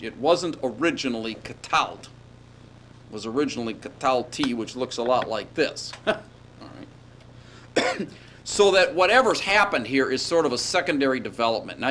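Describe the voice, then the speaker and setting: A man's voice: medium pitch, fairly bright tone. Male lecturer, chatty and digressive, classroom recording with faint background noise. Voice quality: chatty, digressive, checks in with "all right?". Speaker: Hebrew grammar lecturer.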